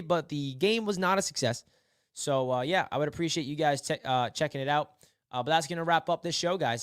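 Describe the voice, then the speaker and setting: Young ny dude live streaming sports talk, rambly and mopey-joking, smooth clear voice. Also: male voice, a little high, no room sound, studio quality. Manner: rambling, mock-despairing, repeats himself.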